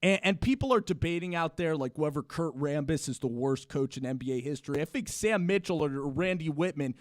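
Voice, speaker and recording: A man co-hosting a live sports talk show, ranting excitedly in rambling bursts with frequent restarts. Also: on the high side, fairly quick, dry recording, studio quality. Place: home studio, live stream.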